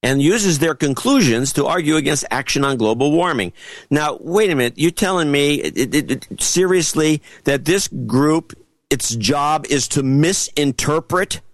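A man co-hosting a casual political podcast, reading a report aloud with sarcastic asides and halting restarts. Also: on the high side, lively intonation, no room sound. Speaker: podcast co-host.

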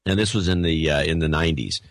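A man's voice: rumbling low, fast, dry recording. A man co-hosting a podcast in casual chat, giving dry, wry comebacks. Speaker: podcast co-host.

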